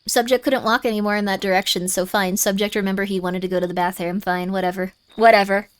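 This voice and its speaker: A woman's voice: medium pitch, steady tone, fast. A woman streaming a game live, chatting playfully and reading the on-screen text aloud. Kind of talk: live-streamed gameplay commentary.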